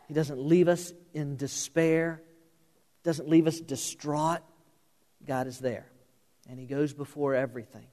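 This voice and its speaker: A man preaching a sermon, telling a story with lively emphasis and repeated words, then dropping soft and low to drive a point home. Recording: reverberant hall.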